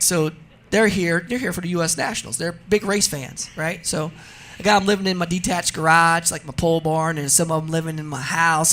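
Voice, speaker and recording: Animated, bright-voiced man telling stories. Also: high-pitched. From New Jersey. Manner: animated, laughing storyteller. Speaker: guest, drag racer. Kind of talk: casual radio interview storytelling.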